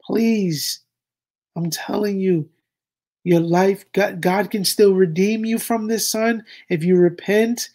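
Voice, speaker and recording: A man's voice: high-pitched, steady tone, slow pace, darkish tone, heavily acted. A man acting out a grave father who pleads with his grown son and repeats himself. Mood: pleading.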